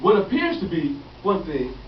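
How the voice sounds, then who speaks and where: A man's voice: a little high, huge pitch swings, normal speed, slight background noise. A man preaching a folksy call-and-response sermon, repeating phrases and acting out quotes. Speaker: pastor. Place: church sanctuary. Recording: echoey distant lo-fi church recording.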